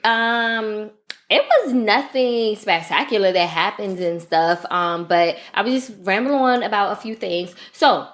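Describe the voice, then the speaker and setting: A woman co-hosting a podcast, telling a story in a casual, animated rant and swearing freely. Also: medium pitch, measured pace. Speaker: podcast co-host. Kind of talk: casual chat.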